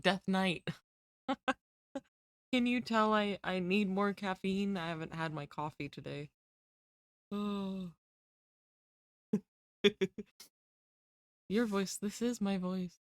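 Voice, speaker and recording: A woman's voice: medium pitch, very slow, long pauses, clean tone, dry recording. A woman streamer chatting casually with her viewers, rambling and giggling at herself. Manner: giggly, rambling, self-deprecating.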